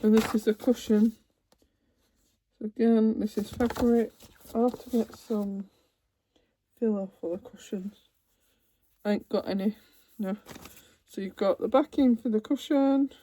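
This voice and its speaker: Slow-talking woman, mellow and chatty. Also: on the high side, fairly even intonation, a little hiss or hum. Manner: chatty, unhurried, trailing asides. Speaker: cross-stitch vlogger. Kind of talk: casual chat while unboxing. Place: home, seated in a computer chair.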